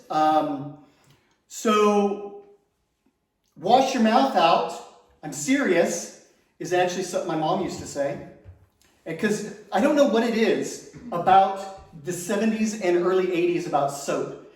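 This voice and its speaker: A middle-aged man doing a stand-up comedy set on stage, chatty and self-mocking, often laughing at his own jokes. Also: high-pitched. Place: large room on stage. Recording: echoey room from far off.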